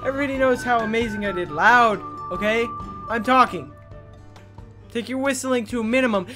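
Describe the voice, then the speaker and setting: A man's voice: very high voice, lively intonation, brisk. A young man giving casual gameplay commentary, swearing and bursting into frustrated outbursts. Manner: frustrated, profane, prone to outbursts. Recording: game music in background.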